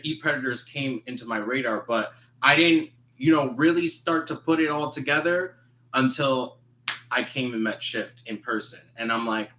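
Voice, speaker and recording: A man talking casually as a podcast guest, reading text messages aloud and reacting indignantly in an animated way. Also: medium pitch, normal speed. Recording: echoey room.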